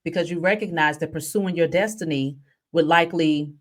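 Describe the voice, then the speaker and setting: A woman's voice: deep voice, brisk. Chatty woman giving a spiritual reading. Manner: animated storytelling, chatty. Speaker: spiritual reader. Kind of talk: casual spiritual vlog talk.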